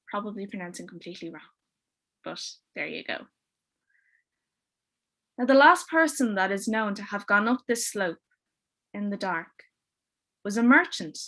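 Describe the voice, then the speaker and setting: A woman storyteller telling a ghost story on a livestream, hushed and dramatic, sometimes dropping almost to a whisper. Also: on the high side.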